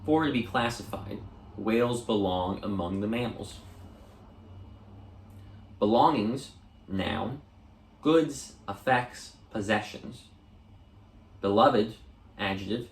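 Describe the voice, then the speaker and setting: A man reading dictionary entries aloud for an audiobook, measured and deliberate, sometimes restarting a word. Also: fairly low pitch, roomy sound. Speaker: audiobook reader.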